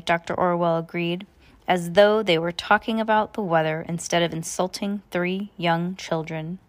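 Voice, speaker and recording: A woman's voice: lowish voice, steady tone, normal speed. A woman, a parent, reading a book aloud to her child in plain narration with small stumbles and self-corrections.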